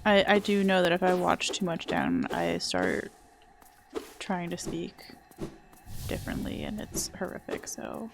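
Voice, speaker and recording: A woman's voice: on the low side, very animated, measured pace, gravelly, music in the background. A young adult woman streaming a video game, chatting casually in a rambling, self-deprecating way. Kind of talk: casual gameplay chat.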